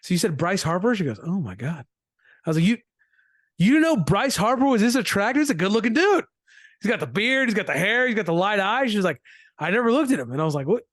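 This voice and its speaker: Excitable high-voiced man bantering about sports. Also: fast, no room sound, clean studio sound. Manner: excitable, ribbing, jumps between points. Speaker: podcast co-host. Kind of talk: casual sports chat.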